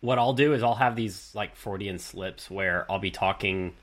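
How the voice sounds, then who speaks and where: A man with a fairly low voice and a Texas accent hosts a relaxed interview. He rambles and corrects himself mid-sentence, laughing easily as he talks. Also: normal speed. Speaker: podcast host. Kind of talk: casual interview chat.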